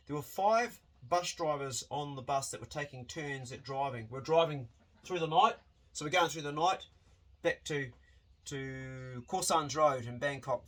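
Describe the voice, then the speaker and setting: A man telling a wild travel story in a casual, animated way, swearing freely and often restarting his sentences. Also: fairly high pitch.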